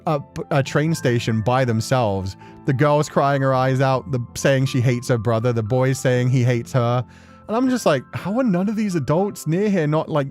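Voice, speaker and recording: Young male streamer, casual storyteller, mid-pitched, chatty and laughing. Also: darkish tone.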